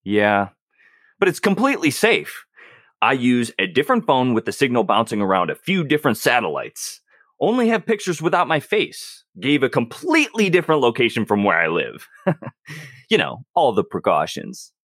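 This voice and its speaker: A man's voice: medium pitch, huge pitch swings, normal speed, fairly bright tone, no echo, studio quality. A man playing a flustered, bashful young male spy in an improvised tabletop role-play.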